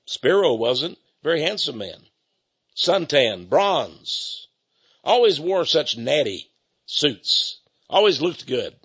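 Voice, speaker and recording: A man hosting a radio ministry talk show, pitching a book and then commenting emphatically. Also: slow pace, slightly rough, lo-fi sound. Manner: emphatic, animated delivery.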